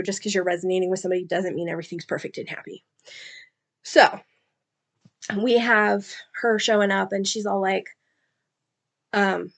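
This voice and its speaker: A woman talks casually about books she has read, retelling the plot in a loose, rambling way. She uses plenty of fillers and asides and stays at a middle pitch. Her delivery is personal and conversational. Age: adult, mother. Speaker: book reviewer. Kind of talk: casual book discussion.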